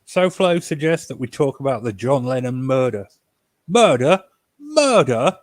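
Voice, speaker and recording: Male podcast co-host, deadpan wisecracks, mid pitch, dry close recording. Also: normal speed, no echo. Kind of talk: casual joking chat.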